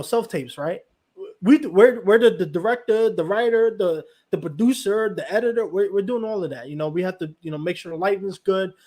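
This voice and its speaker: A man hosting a podcast interview in casual conversation, talking in a rambling way and leaning on "you know" fillers. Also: high voice. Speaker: podcast host.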